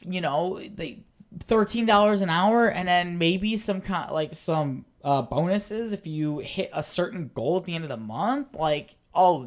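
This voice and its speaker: A man hosting his own podcast alone, rambling casually, swearing often, and getting worked up easily. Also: a little high. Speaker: podcast host.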